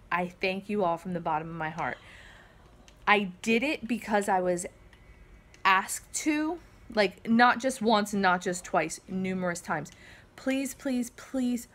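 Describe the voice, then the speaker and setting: A woman's voice: mid-range voice, a bit bright. Earnest, shaky-voiced woman vlogging at home. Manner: earnest, rambling, many fillers and restarts. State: emotional, shaky. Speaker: vlog host. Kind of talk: casual heartfelt talk to camera. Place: family home with kids around.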